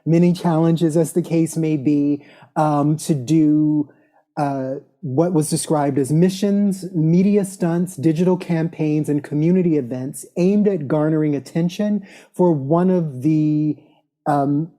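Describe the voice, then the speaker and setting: A woman co-hosting a podcast, explaining things in a dry, measured casual way. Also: deep voice, mellow. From United States. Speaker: podcast co-host. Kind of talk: casual chat.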